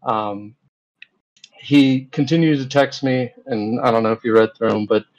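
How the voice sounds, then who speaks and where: A man's voice: mid-range voice, steady tone, measured pace, darkish tone, lo-fi sound. A man, a guest in an interview, recounting events in a rambling, casual way full of fillers and retold dialogue.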